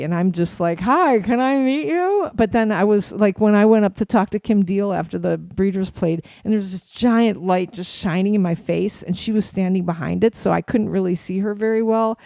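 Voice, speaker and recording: A middle-aged woman co-hosting a casual chat, telling animated anecdotes and acting out the voices of people she quotes. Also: mid-range voice, a little fast, gravelly, few pauses, no echo. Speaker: co-host.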